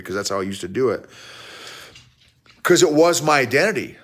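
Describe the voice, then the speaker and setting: A middle-aged man with a folksy, animated manner, talking to a phone camera outdoors in the snow and often restarting his words. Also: mid-range voice, fairly quick. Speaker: leadership coach and podcast host. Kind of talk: casual outdoor talk to camera.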